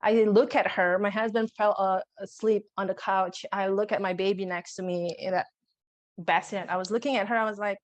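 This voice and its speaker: A young adult woman, a podcast guest, recounting a personal birth story in conversation, emotional and halting, with frequent restarts. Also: mid-range voice, fairly even intonation.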